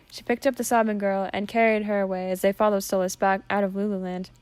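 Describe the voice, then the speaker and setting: A woman narrating a fan story in an earnest, even storytelling voice. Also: mid-range voice, fast, few pauses, clear, resonant tone, dry recording.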